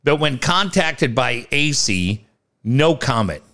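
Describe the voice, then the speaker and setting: A man in casual sports banter with a lively, swooping voice that jumps high when he gets worked up. He laughs at his own jokes and talks with easy, animated energy. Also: slow pace. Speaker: podcast co-host.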